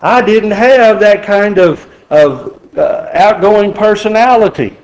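Preacher guy, middle-aged, folksy and jokey, pretty high voice. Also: takes it slowly, a little mellow, poor audio. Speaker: pastor. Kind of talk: sermon.

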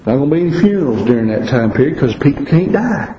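A man preaching a sermon, earnest, dropping to quiet asides and rising to stress warnings. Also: medium pitch, sing-song, fast talker, echoey room, lo-fi sound, a little hiss or hum.

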